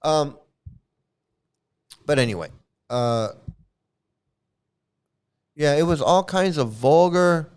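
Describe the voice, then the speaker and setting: A man's voice: on the high side, lively intonation, takes it slowly, pauses often, a little mellow, clear, resonant tone. A man hosting his own channel, talking in a casual, rambling way, often repeating and restarting words, blunt and profane. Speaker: commentary channel host.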